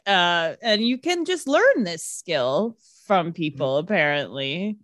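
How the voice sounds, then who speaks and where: A woman's voice: fairly low pitch, very animated, takes it slowly, a bit bright, no room sound, studio quality. A woman co-hosting a casual podcast, making wry, sarcastic asides about a TV episode. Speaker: podcast co-host. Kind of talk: casual chat.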